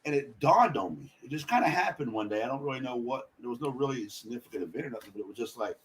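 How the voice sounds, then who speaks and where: Podcast guest, male, husky voice with lively swings in pitch, blunt and profane storyteller. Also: fast, hardly any pauses. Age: adult. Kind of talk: candid personal storytelling.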